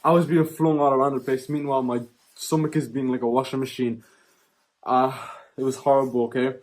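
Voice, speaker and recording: A young man recounting a story to his viewers in a casual, animated way, his voice neither high nor low. He laughs between lines and keeps checking in with quick tags like "yeah?" and "right?". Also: a little hiss or hum. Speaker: vlogger.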